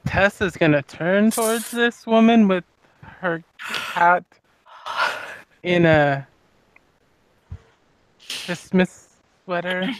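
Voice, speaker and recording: A player calmly describing their character's actions in a laid-back way. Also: medium pitch, extremely slow, long pauses, no echo, rough recording. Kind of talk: casual tabletop play.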